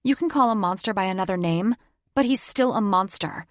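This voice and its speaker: A woman's voice: mid-range voice, expressive, brisk, no echo, clean studio sound, close to an everyday voice. A woman voicing a fiery twenty-year-old shifter heroine who snaps angrily and speaks bluntly, in an audiobook. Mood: furious. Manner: angry, snapping, blunt.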